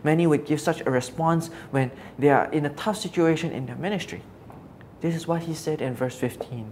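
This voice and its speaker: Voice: mid-range voice, fairly even intonation, moderate pace, a little hiss or hum. A preacher giving an earnest, reflective Bible teaching, asking rhetorical questions as the talk goes on.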